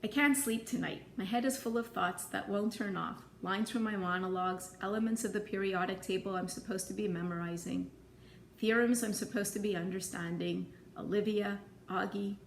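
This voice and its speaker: A woman reading a novel aloud in plain, even storytelling. Her voice has a gravelly edge, and the room rings with echo under a faint hiss. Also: medium pitch, moderate pace. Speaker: audiobook reader.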